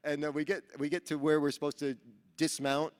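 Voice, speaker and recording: A man's voice: a little high, a little fast, clean tone. Man telling stories in a reverberant hall. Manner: animated storyteller who acts out dialogue. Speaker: Rotary speaker at a training seminar. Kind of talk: motivational speech with storytelling. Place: large event hall.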